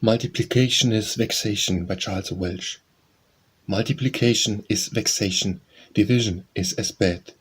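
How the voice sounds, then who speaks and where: Low husky man reciting nursery rhymes. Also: moderate pace. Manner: sing-song, rhythmic recitation. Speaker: audiobook reader. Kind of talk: reading nursery rhymes aloud.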